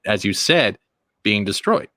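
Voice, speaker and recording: A man's voice: on the low side, animated, unhurried, bright, forceful tone, no echo, clean studio sound. A man co-hosting a live stream, joking bluntly and teasing the others. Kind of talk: casual live-stream banter.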